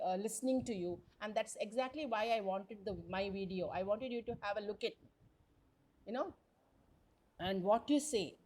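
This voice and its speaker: A woman's voice: mid-range voice, a little mellow. A woman lecturer, teaching a college class over a video call in a chatty way, often asking the students questions. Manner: chatty, repeats words, asks the class questions. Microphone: computer mic on a video call.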